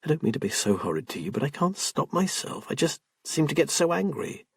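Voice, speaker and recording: A man's voice: fairly high pitch, sing-song, a little fast, husky, no room sound, studio quality, voice pushed up, full character voice. A man voicing a stressed, overworked woman who snaps impatiently and then breaks down, in an audiobook. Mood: resentful. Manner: sharp and impatient, turning tearful. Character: tense overworked woman artist, snappish.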